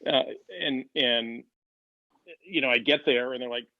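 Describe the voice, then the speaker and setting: Man, interview guest, halting storytelling, many fillers, muffled lo-fi audio, dry. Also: medium pitch, steady tone, dry recording. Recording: dull lo-fi dry sound.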